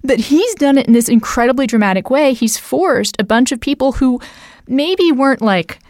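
Animated woman in political banter. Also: sits high, no room sound, studio quality. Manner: animated, rising emphasis, quick laughs, many "like" and "you know". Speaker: podcast co-host. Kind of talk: political discussion.

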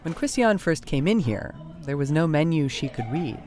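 A man hosting a podcast, telling the story in measured, descriptive scripted narration. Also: a little high, sing-song.

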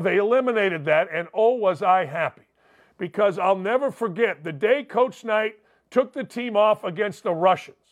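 Brash, high-pitched sports talk host man. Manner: brash, animated, reads listener emails with loud gusto. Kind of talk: sports talk radio monologue.

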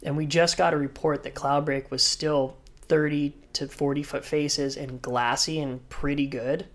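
A man, a professional surfer, telling animated stories full of surf slang as a podcast guest. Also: a little high, unhurried. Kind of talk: podcast interview storytelling.

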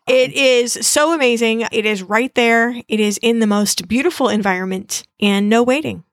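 A woman's voice: on the high side, normal speed, no room sound, clean studio sound. A woman co-hosting a podcast, telling travel stories in a playful, confiding way. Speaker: podcast co-host. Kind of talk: casual travel chat.

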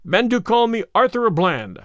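A stout tradesman speaks bluntly and boldly, grim and unbending, voiced by a man reading a storybook. His pitch sits rather high, and the recording is dry and close. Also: sing-song, normal speed, a bit bright, no echo, exaggerated voice. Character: stout grim male tanner, bold and blunt.

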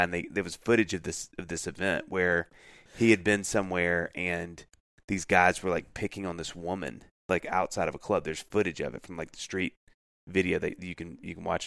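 Low gravelly dude on a podcast, chatty, acts out the quotes, dry close mic. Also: male voice, no echo. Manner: animated storyteller, acts out quotes, laughs often. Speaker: podcast co-host. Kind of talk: casual chat.

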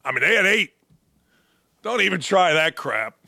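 Loud-mouthed sports talk guy ranting, cursing, mocking stuff, high-ish voice, sharp edge, dry close sound. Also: very animated, moderate pace, gravelly, no room sound. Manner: blunt, profane, mocking, with sudden emphatic outbursts. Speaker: sports talk show host. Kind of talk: opinionated sports talk rant.

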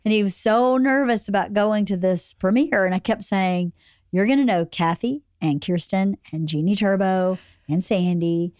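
Hoarse chatty woman podcast host. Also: medium pitch, normal speed, a little mellow, dry recording, clean studio sound. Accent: Southern US. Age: middle-aged. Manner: chatty, laughs often. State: hoarse, recovering lost voice. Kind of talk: casual chat.

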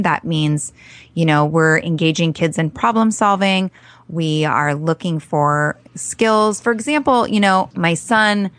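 A woman's voice: low-pitched, fairly bright tone, no room sound. A woman parent coach talking earnestly in a podcast interview, telling stories with acted-out quotes.

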